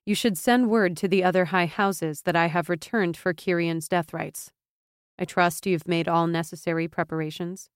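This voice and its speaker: A woman's voice: fairly low pitch, steady tone, moderate pace, clean tone, dry recording, clean studio sound, close to an everyday voice. A woman voicing a proud young noblewoman who speaks in a firm, commanding, contemptuous way. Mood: calm.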